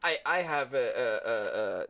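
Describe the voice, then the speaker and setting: Man co-hosting, bright and rambly. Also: medium pitch, sing-song, a little slow. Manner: rambling, stumbling restarts. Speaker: podcast co-host. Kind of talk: casual podcast chat.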